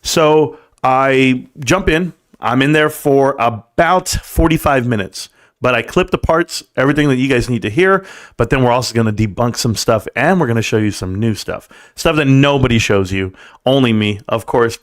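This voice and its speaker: A man's voice: medium pitch, lively intonation, normal speed. A man hosting a live stream from his computer, hyped and boastful, talking straight to his chat viewers. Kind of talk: casual live stream commentary.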